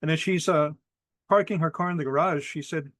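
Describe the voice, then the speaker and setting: A middle-aged man with a Hawaiian accent, telling a traditional ghost story in lively spoken style, mixing in Hawaiian words and acting out voices. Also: fairly high pitch, brisk, dry recording. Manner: animated, acts out quoted voices, mixes in Hawaiian words. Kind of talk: oral storytelling.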